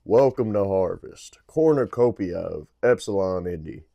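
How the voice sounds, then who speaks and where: A man's voice: low-pitched, lively intonation, a little slow, gravelly, dark tone, no room sound, lo-fi sound, full character voice. A man voicing an enthusiastic male agricultural AI that welcomes arrivals to a colony planet like a cheerful announcer. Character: cheery male planetary AI greeter, upbeat and official.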